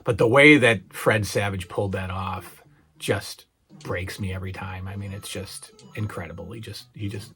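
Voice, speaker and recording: This channel host, a middle-aged man, talks through memorable TV moments in a loose, hesitant way, full of fillers and restarts and with a hint of emotion. He sits low in pitch with a steady, sharp tone at normal speed, and faint music plays behind him. He grows emotionally worked up as he recounts scenes.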